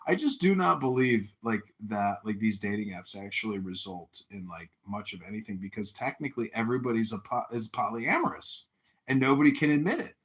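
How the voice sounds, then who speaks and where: A man's voice: lowish voice, lively intonation, fairly quick, slight background noise. A man chatting casually on a podcast, telling crude, profane stories in a loose, rambling way.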